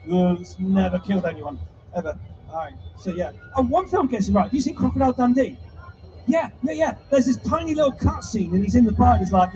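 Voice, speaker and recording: A man's voice: sits high, expressive, a little fast, dark tone, a little hiss or hum. A man presenting a live animal show to an audience, chatty and teasing with a playful showman's patter. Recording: distant mic, dull sound, music behind.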